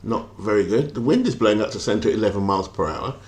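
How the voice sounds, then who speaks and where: A man's voice: lowish voice, animated, fast, a little mellow. A British man streaming a baseball simulation, chatting casually, thinking aloud and reading out viewer comments, with lots of hesitant fillers. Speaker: game streamer.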